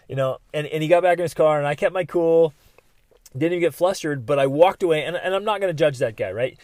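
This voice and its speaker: A middle-aged man hosting a podcast, telling personal stories in an animated way and acting out what people said. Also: a little high, quick pace, no room sound, clean studio sound. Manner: animated storyteller, acts out quotes loudly. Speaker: podcast host.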